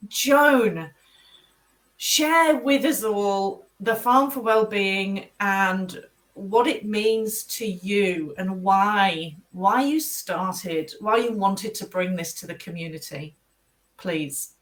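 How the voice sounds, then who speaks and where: A woman's voice: mid-range voice, slow, far from the mic. A woman hosting a casual interview, asking long encouraging questions. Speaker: host.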